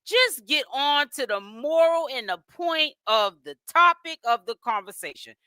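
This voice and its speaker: A woman's voice: high voice, big pitch swings, a little slow, pushed and bright, dry recording. A woman giving blunt, mocking reaction commentary over a clip she is watching.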